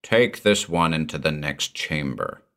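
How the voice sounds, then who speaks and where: A cruel masked villain, as a man reads him out, who gives orders in a harsh, clipped monotone from a deep, low register. He sounds slow and cold, indifferent to anyone around him, like the villain of a storybook. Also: exaggerated voice. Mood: cold commanding. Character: cruel arrogant male villain in a red devil mask. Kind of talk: audiobook character voice.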